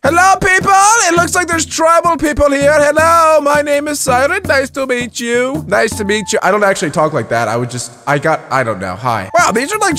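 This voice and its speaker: A young man narrates his game run in a high, bright voice that swings widely in pitch. He yelps and shouts whenever something startles him and tosses quick asides to his viewers. Faint music plays underneath. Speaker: gaming YouTuber. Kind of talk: excitable let's-play commentary.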